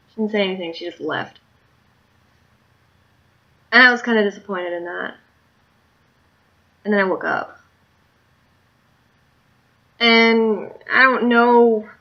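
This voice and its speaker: A tired woman telling a story in a candid, rambling video diary. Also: mid-range voice. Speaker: video diarist. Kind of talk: casual diary vlog. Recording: muffled lo-fi recording.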